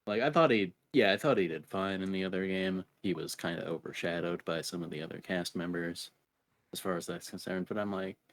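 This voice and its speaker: A man's voice: low voice, brisk. A young man co-hosting a gaming podcast, laid-back and hesitant, often trailing off. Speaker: podcast co-host. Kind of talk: casual gaming podcast chat.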